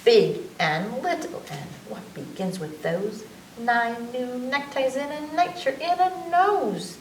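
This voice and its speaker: A woman reading an alphabet book aloud at children's story time, teacherly and lively, drawing out each letter sound. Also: a little high, slow. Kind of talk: slow, sing-song children's story time. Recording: echoey room, mic at a distance, faint background hum.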